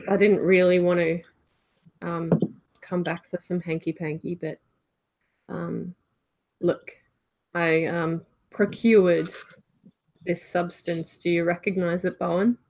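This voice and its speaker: Lady playing a halfling bad boy, quiet, slow and hesitant. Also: fairly even intonation, low-quality recording. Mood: furtive. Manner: hesitant, low-key, full of fillers. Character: brash young male halfling runaway.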